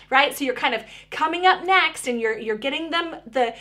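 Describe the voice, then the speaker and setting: A woman's voice: high voice, animated, normal speed, few pauses, sharp tone. A woman speech therapist giving parents practical tips in a friendly, conversational way, often restarting her sentences.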